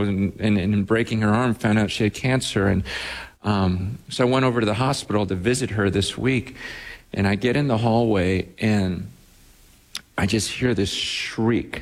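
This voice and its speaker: A man, a pastor, giving a sermon, telling a story with many restarts and animated asides. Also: mid-range voice, long reverb tail.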